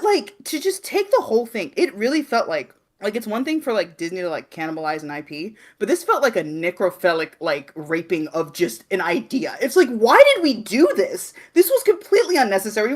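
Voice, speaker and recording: Animated, profane woman ranting. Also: fairly high pitch. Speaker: podcast co-host. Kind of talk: casual ranting chat.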